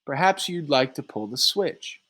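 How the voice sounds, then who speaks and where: A man reading a play aloud, voicing a calm and quietly firm male juror. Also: on the high side, pitched above the performer's own voice, heavily acted. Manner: calm, measured.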